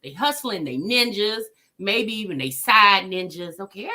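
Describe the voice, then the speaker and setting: A woman's voice: medium pitch, expressive, measured pace, few pauses, pushed and bright. A woman hosting a casual livestream, greeting viewers by name and chatting with sassy asides. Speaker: livestream host.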